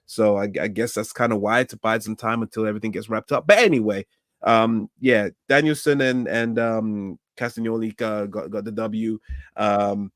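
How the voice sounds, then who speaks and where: A man's voice: lowish voice, steady tone, moderate pace, fairly bright tone, no echo, studio quality. A man co-hosting a casual podcast discussion who talks hesitantly, restarting and trailing off. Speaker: podcast co-host.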